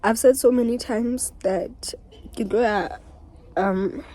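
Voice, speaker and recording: A woman's voice: fairly high pitch, fairly even intonation, takes it slowly, noisy background. A young South African woman vlogging candidly and emotionally, switching languages mid-sentence and repeating herself. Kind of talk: candid confessional vlog.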